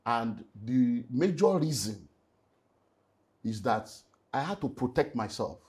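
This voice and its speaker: Nigerian man, middle-aged pastor, emotional testimony, animated, pidgin phrases, mid-pitched voice. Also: slow pace. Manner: animated storytelling, mixes in Nigerian Pidgin, swings between loud and hushed. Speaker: pastor and relationship speaker. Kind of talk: emotional personal testimony in an interview.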